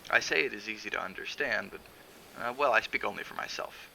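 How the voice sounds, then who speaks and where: A man reading a novel aloud on a stream, in a measured, steady narration with the odd filler. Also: lowish voice, vocal fry, slight background noise, rough recording. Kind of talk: audiobook narration.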